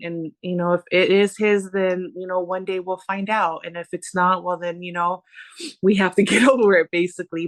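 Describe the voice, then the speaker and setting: A woman in her forties talks as a podcast guest, chatty and animated, slipping into the voices of people she remembers. Her pitch is middle-of-the-road for a woman. The delivery is loose and conversational. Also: no room sound. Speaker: interview guest. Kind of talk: personal storytelling in interview.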